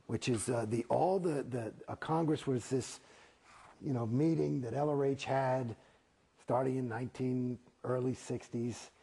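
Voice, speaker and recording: A man's voice: mid-range voice, dark tone, breathy edge. A man, an actor, talking bluntly and profanely in a candid interview, ranting with wry sarcasm.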